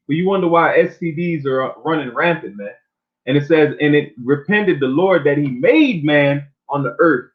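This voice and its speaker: A preacher with a slightly high voice gives an informal sermon, reading scripture slowly before explaining it in loose, everyday language and often tacking "man" onto his lines. The audio is narrow and tinny, like a phone call.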